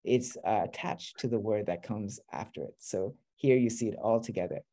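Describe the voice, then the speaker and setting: A man's voice: fairly low pitch, normal speed, warm tone. A man teaching a beginner class, explaining patiently step by step. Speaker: Arabic teacher.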